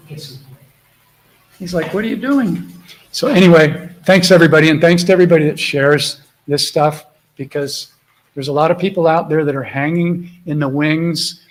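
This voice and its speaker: A man's voice: a little high, rough recording. A middle-aged man hosting a live spiritual Q&A from home, chatting casually and affectionately with viewers. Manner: affectionate, rambling, talks softly to his dog. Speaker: host of a live spiritual Q&A call. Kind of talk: casual live-stream chat.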